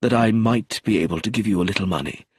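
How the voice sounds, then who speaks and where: A man's voice: fairly low pitch, fast, darkish tone, breathy edge, no echo, clean studio sound. A man voicing a cold, stiff middle-aged brother in an audiobook.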